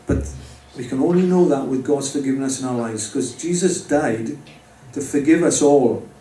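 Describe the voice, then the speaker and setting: A man's voice: medium pitch, moderate pace, dark tone. A man giving a personal faith testimony to a live audience, speaking conversationally and addressing the listeners directly. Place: pub or club venue with an audience. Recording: roomy, distant mic with faint background noise.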